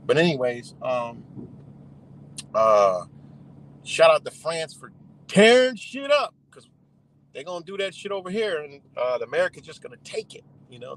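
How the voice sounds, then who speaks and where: A man's voice: medium pitch, slight background noise, low-quality recording. A man hosting a livestream, ranting in a heated, profane, rambling way with scattered laughs. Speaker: livestream host. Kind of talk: profane casual rant.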